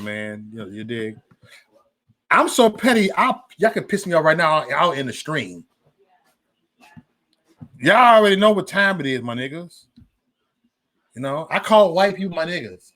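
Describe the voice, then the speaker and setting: Animated, bright-voiced man hosting a livestream. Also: on the high side. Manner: loud, profane, swings between shouting and mumbling. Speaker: livestream host. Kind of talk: casual livestream chat.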